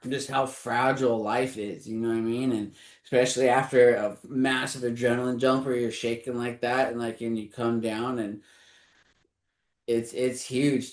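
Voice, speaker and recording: A man hosting a podcast at a middle pitch, relaxed and reflective, often answering with short affirmations. His voice carries a clear echo from the room around him. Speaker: podcast host. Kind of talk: casual podcast conversation. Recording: echoey room.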